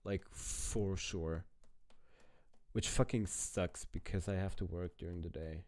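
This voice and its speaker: A man's voice: low-pitched, steady tone, slow pace, a little mellow. Casual, swearing man reacting to a clip. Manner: chatty, swears freely, talks to chat. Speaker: streamer reacting to a video.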